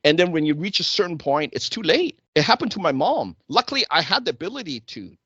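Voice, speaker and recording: A man's voice: fairly high pitch, very animated, quick pace, a bit bright, slightly rough, dry recording. A man hosting a casual talk show, telling stories animatedly and acting out the exchanges he quotes. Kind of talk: casual chat. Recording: dull lo-fi dry sound.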